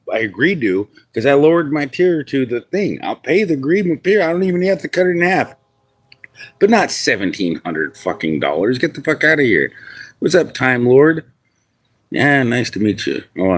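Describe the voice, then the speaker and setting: Rambling man from New York. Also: fairly low pitch. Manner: rambling, frequent restarts and swearing, chats to viewers. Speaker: livestreamer. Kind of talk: casual live stream rant.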